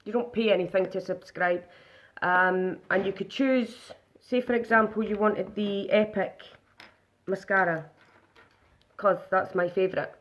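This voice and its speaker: A woman's voice: medium pitch, fairly even intonation, a little slow, dull audio. Chatty woman doing live makeup. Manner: chatty, narrates each step aloud. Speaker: makeup demonstrator. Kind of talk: casual live makeup demo.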